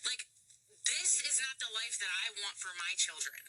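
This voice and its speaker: A woman's voice: mid-range voice, expressive, moderate pace, bright, forceful tone, a little hiss or hum, low-quality recording. An American woman and parent ranting angrily about costs, frustrated and swearing often. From United States. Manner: frustrated, profane, heated. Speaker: parent venting online. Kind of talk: angry personal rant.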